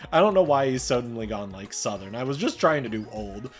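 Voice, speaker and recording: A woman's voice: a bass voice, sing-song, brisk, few pauses, faint music behind. A woman playing a game aloud and voicing its lines, giggly and joking. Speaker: game streamer voicing the dialogue. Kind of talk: voiced let's play.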